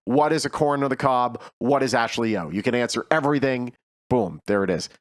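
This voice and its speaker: A man hosting a casual chat show, talking in an animated, rambling way with frequent restarts. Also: mid-range voice, a little fast, dry recording, studio quality. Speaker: host.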